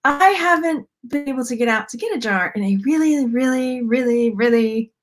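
A woman with a Southern drawl talks to her live chat in a loose, rambling way, stopping to greet viewers by name. Her voice sits a little high for a woman. It is a casual, unscripted stream. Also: animated, moderate pace. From Texas. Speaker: YouTube host.

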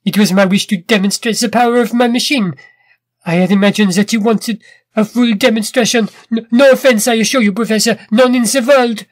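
A sly, sneering inventor villain, put on by a male storybook narrator, smooth and mocking with a raised, thin pitch. The voice is dry and close, with no room sound. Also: normal speed, dry recording. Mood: babbling. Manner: smooth, mocking, then stammering when scared.

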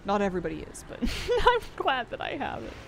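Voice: mid-range voice, huge pitch swings, a little fast, creaky, a bit bright, a little hiss or hum. A game streamer chatting casually on a live stream, giggling often and reading out chat messages.

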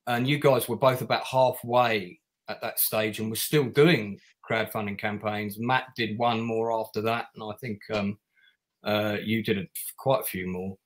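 A man hosting a casual online interview, talking loosely with many fillers and pauses. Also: on the low side, fairly even intonation. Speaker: interview host. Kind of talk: casual video-call interview.

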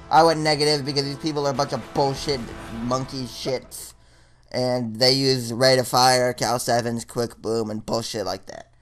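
A man's voice: mid-range voice, a bit bright. A young man ranting and swearing angrily while commentating live on a shooter game. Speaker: gaming commentator. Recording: music and gunfire behind.

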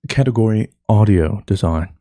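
A man's voice: on the low side, moderate pace, dark tone, dry recording, studio quality. A man co-hosting a gaming podcast, chatting casually with friends and making sarcastic, rambling jokes. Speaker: podcast co-host.

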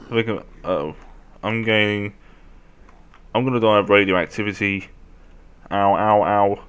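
A young man commentating a game as he plays, often shouting at zombies. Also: fairly low pitch, a little slow, pauses often, clean tone. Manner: animated, often yelling at zombies. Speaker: gameplay commentator. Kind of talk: let's play commentary.

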